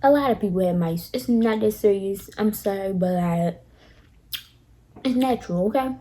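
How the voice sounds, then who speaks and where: A young woman vlogger telling a storytime tale to her viewers, animated and dramatic, talking straight to them. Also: medium pitch, moderate pace, slight background noise. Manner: animated, dramatic retelling, addresses viewers directly. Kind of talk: casual storytime.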